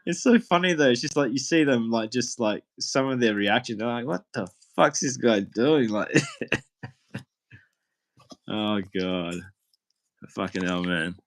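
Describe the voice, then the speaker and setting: A man's voice: mid-range voice, a little slow, long pauses, rough recording. A man, a guest on a live stream, telling loose, rambling stories full of fillers and laughs. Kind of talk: casual swearing storytelling.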